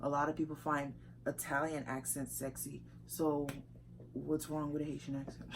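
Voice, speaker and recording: Animated young woman chatting casually. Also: sits low, normal speed, noisy background. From United States. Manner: animated, emphatic, laughs often. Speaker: vlogger. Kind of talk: casual couple chat.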